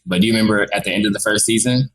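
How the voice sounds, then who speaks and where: A young man co-hosting a podcast in a relaxed, casual way, calling his friends "bro" and "my guys". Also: on the low side, very fast, rough recording. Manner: laid-back, says "bro" and "my guys". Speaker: podcast co-host. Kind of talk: casual chat.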